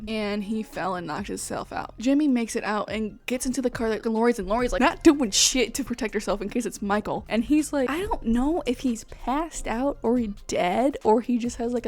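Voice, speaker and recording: A woman hosting a casual movie recap, swearing freely and telling the story with animated energy. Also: on the high side. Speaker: host.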